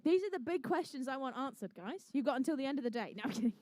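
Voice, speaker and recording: A woman's voice: sits high, lively intonation, racing, a little mellow, no room sound. A woman commentating a live competition, bubbly and jokey, chatting with the crowd between rounds. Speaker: event commentator and MC.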